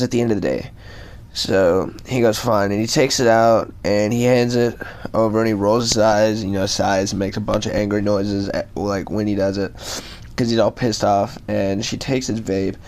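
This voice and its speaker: A man's voice: fairly low pitch, a little mellow. Laid-back young man telling a story. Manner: rambling, laid-back, full of fillers and swearing. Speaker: vlogger telling a school story. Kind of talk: casual storytime.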